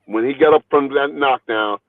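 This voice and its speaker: A man's voice: medium pitch, normal speed, no echo. Boxing trainer guy rambling on a phone call, repeats himself a lot, thin dry phone sound. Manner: animated, rambling, repeats words. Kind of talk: phone interview storytelling. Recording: tinny phone line, dry.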